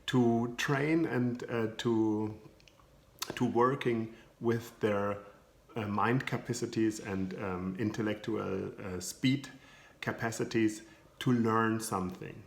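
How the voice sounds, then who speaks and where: A man's voice: lowish voice, fairly even intonation, slow, vocal fry. A man with a German accent, a coach giving an educational video talk in English with hesitant, non-native phrasing and many filler sounds. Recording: echoey room.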